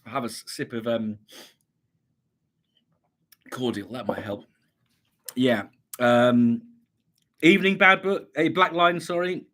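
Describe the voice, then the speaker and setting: A man's voice: mid-range voice, slow pace, pauses often, fairly bright tone. A man from England hosting a casual livestream, reading chat messages aloud and chatting back with many ums and restarts, a slight cough lingering. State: slight cough, recovering from illness.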